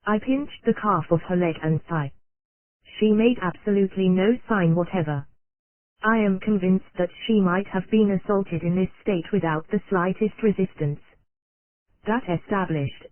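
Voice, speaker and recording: In a medium pitch, an audiobook narrator reads an old psychology text with steady, even, measured delivery. The audio is dry and close with no room echo, squeezed into a narrow, phone-like band.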